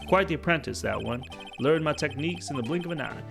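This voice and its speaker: A man's voice: on the high side, animated, fast, creaky, music in the background, voice pushed up. A man voicing a pompous older male lawyer who blusters, stammers and speaks grandly.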